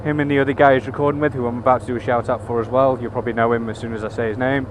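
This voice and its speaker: In rapid-fire, flat delivery with a mid-range voice, a man chats into his helmet cam while riding a motorbike in city traffic. He swears freely and drops wry asides, and the recording carries road and engine noise.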